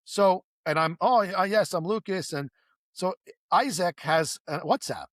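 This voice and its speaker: A man's voice: sits high, a little slow, no room sound, clean studio sound. A man, the guest in a casual conversation, telling long stories with many restarts and asides, acting out the voices of people he quotes. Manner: animated storyteller who acts out quoted dialogue.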